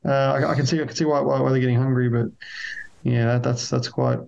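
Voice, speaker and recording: A man's voice: medium pitch, steady tone, fast talker, creaky, darkish tone, dull audio. A man chatting casually as a podcast co-host, rambling with lots of restarts. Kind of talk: casual chat.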